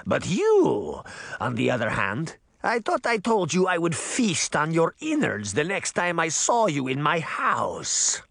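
A man's voice: a little high, huge pitch swings, a little slow, vocal fry, fairly bright tone, dry recording, voice pushed up, full character voice. A man voicing a crusty old female witch with a thick Russian accent, mocking and relishing her threats. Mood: menacing.

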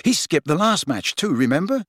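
A man's voice: on the high side, very animated, moderate pace, fairly bright tone, no echo, studio quality, voice pushed up. A man voicing an angry teenage boy. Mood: frustrated. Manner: angry, frustrated. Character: hot-tempered teenage boy team captain. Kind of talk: audiobook character voice.

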